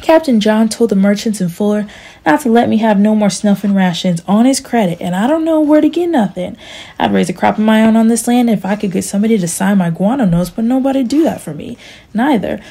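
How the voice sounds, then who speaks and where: A woman's voice: medium pitch, a little fast, gravelly, dark tone, slightly rough. A woman voicing an aging, self-pitying male farmer who pleads and complains in a storybook reading. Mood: complaining.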